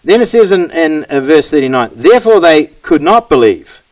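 A man preaching, reading Bible verses aloud and then explaining them with animated emphasis. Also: on the high side, moderate pace, poor audio. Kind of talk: Bible teaching sermon.

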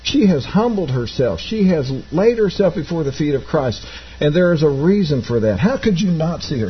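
A husky-voiced man preaches a sermon, reading scripture aloud and breaking in with plain explanations. His voice sits a little high for a man. The recording is dull and lo-fi. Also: big pitch swings, moderate pace. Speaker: pastor.

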